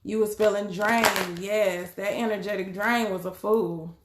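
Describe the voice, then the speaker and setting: A woman's voice: medium pitch, steady tone, a little slow, echoey room, heavy background noise. A woman doing a casual live tarot reading, chatty and laughing often, calling her viewers y'all and beloved. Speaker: tarot card reader.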